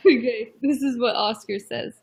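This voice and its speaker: A young woman with a slightly high, husky voice chats on a livestream with a friend. She giggles often and reads name definitions aloud in an animated way. It is casual, easygoing talk. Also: normal speed.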